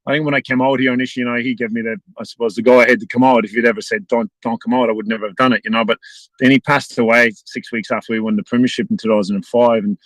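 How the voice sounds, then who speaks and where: A fast-talking Irish man in his forties chatting casually as a podcast guest. He rambles and restarts sentences, and the recording is dry and close. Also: medium pitch, fairly even intonation, no echo, low-quality recording. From Ireland. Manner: quick, rambling, restarts often. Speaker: guest, former footballer. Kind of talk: casual chat.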